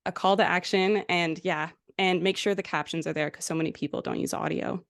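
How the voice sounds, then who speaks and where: A woman guest on a podcast, explaining advertising in a relaxed, conversational way with lots of fillers. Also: lowish voice, fairly quick, creaky. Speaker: guest, ad specialist. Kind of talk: casual interview chat.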